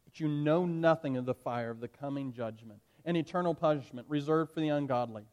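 A man voicing an elderly Christian martyr who calmly and slowly declares his faith to his judge. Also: fairly high pitch, lo-fi sound, natural voice. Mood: defiant. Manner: slow, solemn, drawn-out declarations. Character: defiant elderly male Christian martyr, calm and firm.

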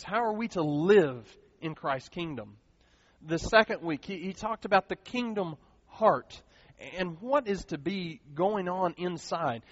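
Earnest pastor preaching, dull dry sound. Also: male voice, high voice, no echo. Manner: earnest, animated preaching with repeated phrases. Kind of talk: sermon.

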